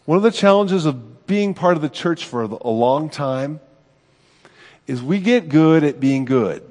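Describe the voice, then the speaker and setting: A man's voice: fairly high pitch, animated, unhurried, darkish tone, in a large hall. A middle-aged man, a pastor, preaching a sermon in a conversational, self-deprecating way, often checking in with "right?".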